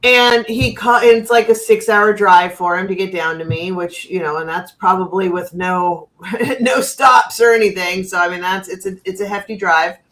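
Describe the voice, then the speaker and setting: A woman from the United States tells stories on her own stream in a blunt, lively way, laughing often. She is middle-aged and speaks at an ordinary pitch over a video call. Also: normal speed. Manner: blunt, animated storytelling with frequent laughs. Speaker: channel host. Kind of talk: casual livestream chat.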